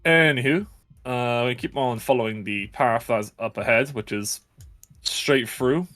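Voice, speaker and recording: A man's voice: medium pitch, a little slow, fairly bright tone, faint music behind. A man giving casual live commentary while speedrunning a game, jokey and upbeat. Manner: jokey, upbeat, self-aware.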